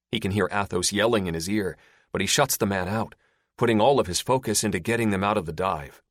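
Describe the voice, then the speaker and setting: A man's voice: low-pitched, no room sound, clean studio sound. A man narrating an action-heavy audiobook in a dramatic, scripted style.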